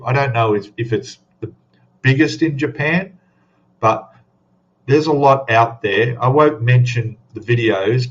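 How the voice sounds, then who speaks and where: A man's voice: mid-range voice, highs cut off, slight background noise. A man hosting a casual live stream, rambling chattily and greeting viewers by name. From Australia. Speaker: livestream host.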